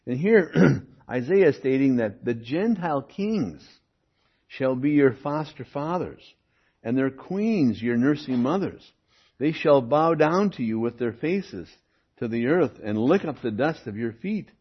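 Husky guy doing bible class, voice swings up and down, muffled lo-fi recording. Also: medium pitch, measured pace. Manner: lively, emphatic, rising on key words. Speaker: Bible teacher. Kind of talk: Bible teaching. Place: classroom with a board. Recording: dull lo-fi recording.

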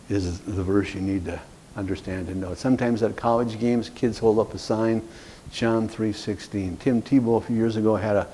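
Earnest man teaching a class, mellow voice. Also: lowish voice, a little hiss or hum. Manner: earnest, repeats words for emphasis. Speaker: evangelism trainer.

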